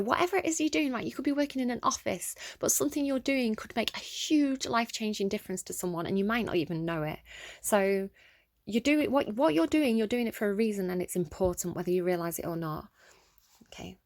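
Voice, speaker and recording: A young English woman giving a casual tarot reading, rambling and giggly, excitable as she reads out the cards. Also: medium pitch, dry recording, studio quality. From England. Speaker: tarot reader.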